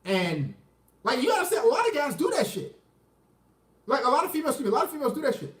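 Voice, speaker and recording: Man, high-pitched, profane boastful storyteller, restarts a lot; echoey room, mic set back. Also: sing-song, fast, recorded from a distance. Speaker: vlogger telling a personal story. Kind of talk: casual storytelling.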